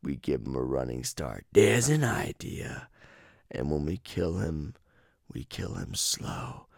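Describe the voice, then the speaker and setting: A man doing calm, whispering twin killers. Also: a bass voice, dry recording, clean studio sound, heavily acted. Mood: quiet menace. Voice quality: one raspier voice. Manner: slow, hushed, half-whispered menace. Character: calm brutal adult male twin killers.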